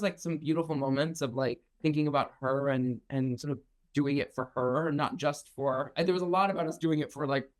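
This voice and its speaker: A young man being interviewed as a winning contestant, speaking in halting phrases full of fillers. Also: fairly high pitch, poor audio. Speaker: race winner guest. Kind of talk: emotional interview reflection.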